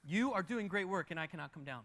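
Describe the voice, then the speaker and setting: A man's voice: high voice, expressive, quick pace, fairly bright tone. A man preaching a sermon in a church, emphatic and repeating his key phrases. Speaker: pastor. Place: large church auditorium. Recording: church hall reverb.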